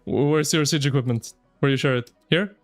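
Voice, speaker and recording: A man streaming live, chatting with his viewers in an excitable, slangy, ranting way. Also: medium pitch, fairly quick, faint music behind. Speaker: game streamer. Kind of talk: casual live-stream commentary.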